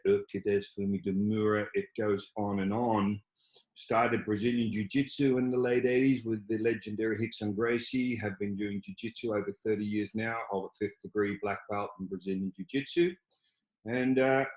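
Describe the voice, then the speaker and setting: Older Australian man, low voice, dry teasing guest on a video call, echoey room. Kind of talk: casual video-call chat.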